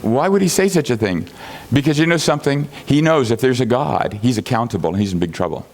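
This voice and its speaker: A man teaching a congregation in an animated, conversational way. He keeps asking rhetorical questions and chuckles at his own asides. When he quotes other people, he lifts his voice to act them out. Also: medium pitch, quick pace. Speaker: Bible teacher.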